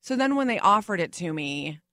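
A woman's voice: on the low side, very animated, fairly quick, sharp tone, dry recording. A woman guest chatting casually and wryly in a radio booth, close to a studio microphone. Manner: wry, self-deprecating. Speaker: guest, game show host.

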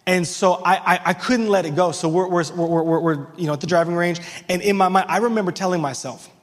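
A man's voice: high voice, steady tone, a little fast, big-room sound. A man preaching a sermon as a pastor, in a conversational, self-deprecating way that is full of restarts.

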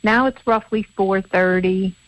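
A woman's voice: medium pitch, fairly even intonation, measured pace, dry recording. Chatty woman radio co-host. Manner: chatty, rambling storyteller with many restarts. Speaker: co-host of a local radio talk show. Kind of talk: casual radio chat. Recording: dry, dull-sounding radio studio audio.

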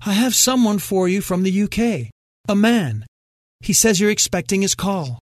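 A woman's voice: medium pitch, animated, normal speed, no echo, clean studio sound, natural voice. A man voicing a young, prim and polite woman assistant in a story reading.

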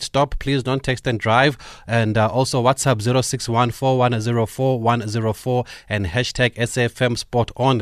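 A man's voice: mid-range voice, dry recording, studio quality. A man hosting a radio sports show, asking questions politely and courteously. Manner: polite, courteous, many "uh" pauses. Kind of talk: radio interview. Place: radio studio.

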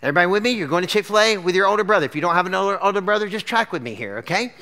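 Bright-voiced chatty male preacher. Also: high voice, very fast. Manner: chatty, lots of fillers like "like" and "okay?"; animated storyteller addressing a live crowd. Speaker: pastor. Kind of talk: casual conversational sermon. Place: church gathering with a screen.

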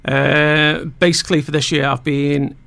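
Gravelly Scouse man with a raised voice. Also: fairly high pitch, flat delivery, measured pace, fairly bright tone, dry recording. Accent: Scouse (Liverpool). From Liverpool, England. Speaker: guest. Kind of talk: radio interview.

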